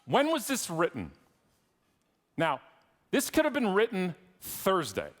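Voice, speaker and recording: Speaking slowly with huge swings in pitch, this high-voiced, slightly bright middle-aged man gives a funny keynote in a Canadian accent, teasing listeners wryly. The large conference hall lends his voice a long reverb.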